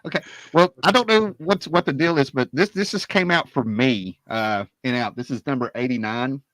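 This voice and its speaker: A man's voice: medium pitch, moderate pace, fairly bright tone, no echo, low-quality recording. A man hosting a livestream, talking casually with enthusiastic, slangy energy. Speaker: livestream host. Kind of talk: casual chat.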